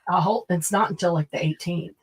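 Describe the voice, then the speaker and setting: A woman's voice: lowish voice, fast. A woman hosting a craft livestream in casual chat, teasing and laughing often. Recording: clear background noise.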